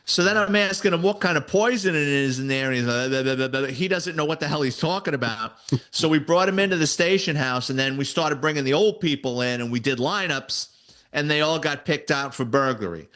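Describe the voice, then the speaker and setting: A man, a retired detective and author, telling stories in a casual interview, animated and salty. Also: on the high side, brisk. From New York City. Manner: animated storyteller, voices quoted people, swears casually.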